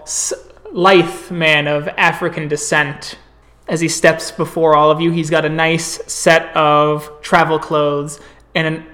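Slow-paced tabletop storyteller. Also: mid-range voice, a bit bright. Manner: descriptive, unhurried narration. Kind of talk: narrating a tabletop game.

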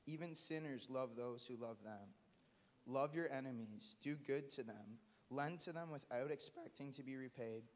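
Earnest man sharing a testimony. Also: medium pitch. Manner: halting, earnest, many restarts. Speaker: church member sharing testimony. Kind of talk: testimony at a church meeting. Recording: long hall reverb.

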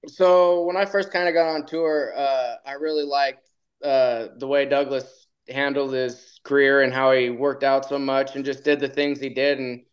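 A laid-back man spins a story as a podcast guest, chuckling along the way. His voice is smooth and clean. The sound is a bit muffled and dull. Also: mid-range voice, fairly even intonation, normal speed. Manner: laid-back, laughs through his stories. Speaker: guest, retired bull rider. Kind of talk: casual storytelling.

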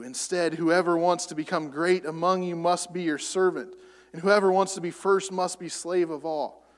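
High-voiced guy preaching, gets loud then drops quiet, echoey hall sound. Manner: builds to loud emphatic peaks, then drops soft. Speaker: pastor. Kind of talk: sermon.

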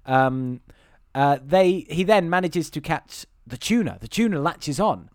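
A man's voice: fairly high pitch, a little slow. A man recapping a film in casual podcast chat, acting out lines in put-on voices and laughing often. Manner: animated retelling with mimicked voices and laughter. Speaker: podcast co-host.

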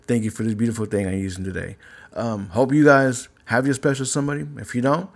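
A man's voice: mid-range voice, steady tone, fast talker. Man, podcast host, casual faith talk, earnest, preachy, repeats himself. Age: adult, married.

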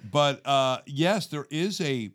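A man co-hosting a faith podcast, explaining scripture in a casual, animated way and acting out everyday inner thoughts. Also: fairly high pitch, takes it slowly. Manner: animated, acts out inner monologue; calls listener "dude". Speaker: podcast co-host. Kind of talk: conversational teaching.

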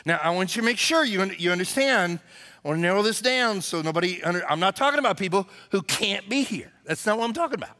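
A man's voice: sits high, lively intonation, fast talker, sharp tone, long reverb tail. A man preaching a conversational, emphatic sermon as pastor, acting out quotes in character voices.

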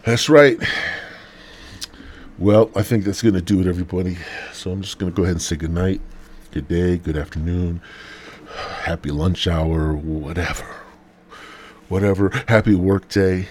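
A man hosting a podcast, delivering a rambling, profane comedy monologue in a husky voice. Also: low-pitched, steady tone, normal speed, long pauses, a little mellow, slight background noise. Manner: rambling, crude, laid-back. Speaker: podcast host.

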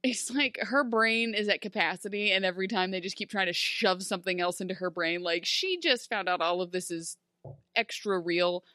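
A podcast co-host recaps a TV show in a casual chat, animated and laughing a lot, slipping into quick mock voices for the characters. Her medium-pitched voice is bright and sharp, and the sound is close and dry with no echo.

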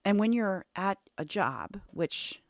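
A woman's voice: mid-range voice, slow, no echo, clean studio sound. A woman hosting a podcast interview, talking casually and rambling through stories with lots of fillers and restarts. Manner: animated storytelling about family. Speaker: podcast host.

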